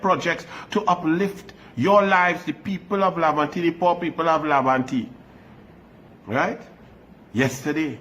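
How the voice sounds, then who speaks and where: A Trinidadian man with a fairly high voice makes an earnest, direct political appeal. A faint noise sits under his speech. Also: a bit bright. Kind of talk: political address.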